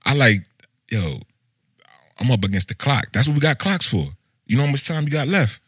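A man co-hosting a casual chat, laid-back and animated, full of slang. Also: medium pitch, moderate pace, slightly rough, dry recording, clean studio sound. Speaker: co-host.

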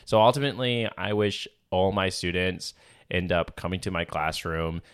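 Deep-voiced man, dry joking co-host. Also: steady tone, normal speed, clean tone. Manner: dry joking, earnest when explaining. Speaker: teacher and podcast co-host. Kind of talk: casual chat.

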